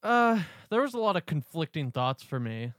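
A man's voice: on the high side, big pitch swings, moderate pace, a bit bright, dry recording, clean studio sound. A man co-hosting a film podcast, thinking aloud in an earnest, hedging way. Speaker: podcast co-host. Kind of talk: casual film discussion.

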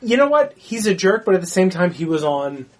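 A man's voice: high voice, big pitch swings, fairly quick, recorded from a distance. A man in casual movie talk who swears a lot and acts out his own reactions.

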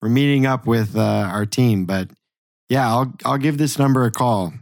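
A man's voice: mid-range voice, normal speed, a little mellow, dry recording. Laid-back male player, dry sound. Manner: laid-back, casual swearing. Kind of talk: tabletop role-play.

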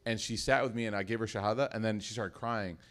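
A man's voice: on the low side, fairly even intonation, fast, a bit bright. A man telling stories and explaining verses in a casual religious talk, quoting Arabic. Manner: earnest storyteller, quotes Arabic verses. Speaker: religious teacher and co-host.

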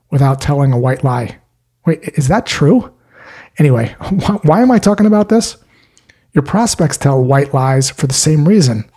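Male sales trainer, scripted explainer, mellow and slightly husky, punchy and calm. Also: mid-range voice. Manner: punchy short sentences, calm explanatory delivery.

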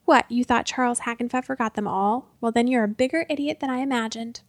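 A woman voicing a sharp-tongued, scornful young fairy woman on a picket line. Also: on the high side, a little fast, no echo, close to an everyday voice. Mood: sarcastic. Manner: sarcastic, scornful.

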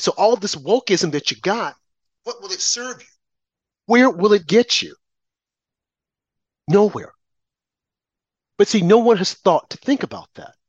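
An indignant man delivers a political monologue, firing off rhetorical questions. His slightly high voice swings widely in pitch. The sound is dry and a little dull, as if from a lo-fi recording. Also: slightly rough, dry recording. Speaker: commentary host.

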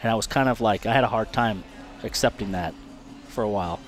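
A retired race car driver, appearing as an interview guest, talks frankly and fast in a fairly low voice, often repeating words, restarting sentences, and swearing. Faint music plays in the background.

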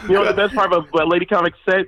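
A brash man comedian chatting casually on a podcast. his voice sits a bit high, and he laughs through his own provocative jokes. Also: steady tone, racing, dull audio, over a noisy crowd. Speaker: guest comedian.

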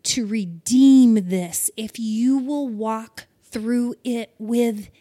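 A woman's voice: a little high, very slow, dark tone. A middle-aged woman giving an earnest, encouraging spoken devotional and addressing listeners directly. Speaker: devotional host.

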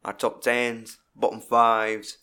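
A man's voice: medium pitch, completely flat delivery, takes it slowly, pushed and bright, clear, resonant tone. A Scottish man hosting a podcast, chatting casually with sweary, jokey banter. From Scotland. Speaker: podcast host. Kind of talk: casual chat.

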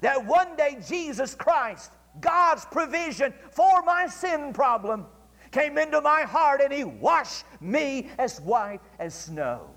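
A male pastor delivering a fervent sermon to his congregation, slowing down and drawing out key phrases for emphasis. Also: very high-pitched, very animated, a bit bright. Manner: fervent preaching, slows down and stretches key phrases. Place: church sanctuary. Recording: church archive recording with long hall reverb.

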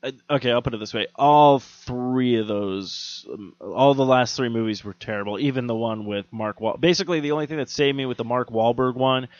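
A man co-hosting a podcast, chatting casually about movies, swearing freely and animated, dropping into quick mock voices. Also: medium pitch, dry recording, lo-fi sound. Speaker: podcast co-host. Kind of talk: casual chat.

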